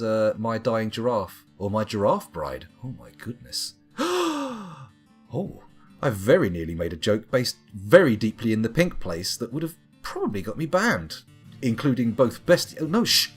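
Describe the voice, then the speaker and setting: Chatty man with a lively voice. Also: mid-range voice. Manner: chatty, jokey, reads items aloud. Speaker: streamer. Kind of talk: live game commentary.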